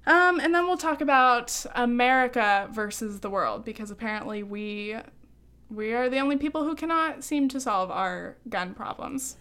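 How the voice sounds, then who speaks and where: A woman hosting a podcast, ranting quickly and heatedly, running short of breath. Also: a little high, bright, forceful tone, smooth. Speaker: podcast host. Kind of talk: opinionated podcast monologue.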